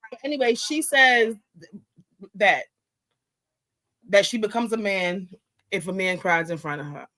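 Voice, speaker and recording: A woman's voice: mid-range voice, unhurried, pushed and bright. A woman co-hosting a podcast in casual chat, laughing and pushing back, exasperated. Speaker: podcast co-host.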